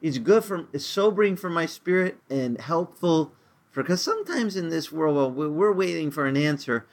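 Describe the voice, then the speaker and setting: A man preaching a sermon as a pastor, conversational and earnest, with frequent repeated words and his voice climbing higher as he gets stirred up. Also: expressive, moderate pace.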